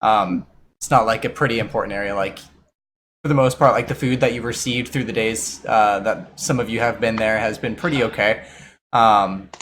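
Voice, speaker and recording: A man's voice: lowish voice, fairly even intonation, moderate pace, a bit bright, slight background noise. A man running a tabletop game over a voice call, talking casually with many fillers and restarts. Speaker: game master. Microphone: computer mic on a voice call.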